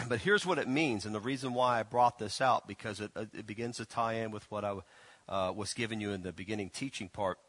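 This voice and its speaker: In church, a pastor with a fairly low, fairly bright voice delivers a casual sermon in a folksy, teasing style. He halts often, restarting sentences, stumbling over words and leaning on fillers. There's no echo on the recording.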